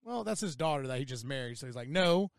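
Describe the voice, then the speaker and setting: A man's voice: medium pitch, lively intonation, very fast, creaky, no room sound, clean studio sound. A man chatting casually as a podcast co-host outdoors, laid-back and profane, laughing often. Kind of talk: casual chat.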